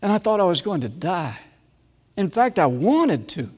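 A man preaching a sermon with personal testimony, swinging from loud emphasis to hushed, slow, repeated phrases. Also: high voice, very animated, breathy edge, big-room sound.

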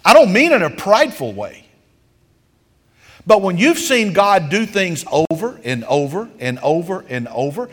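A man's voice: high-pitched, sing-song, unhurried, fairly bright tone. A man preaching a sermon as folksy, homespun storytelling, with emphatic swells of intensity. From rural countryside. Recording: long hall reverb.

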